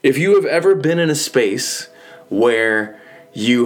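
A man's voice: medium pitch, expressive, slow. A man giving an earnest, conversational motivational monologue, often repeating phrases for emphasis. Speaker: speaker giving a reflective talk.

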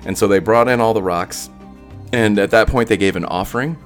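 A man's voice: fairly low pitch, fairly quick, soft background music. A man recounting a personal experience in a casual, rambling way, full of fillers and restarts. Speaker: storyteller.

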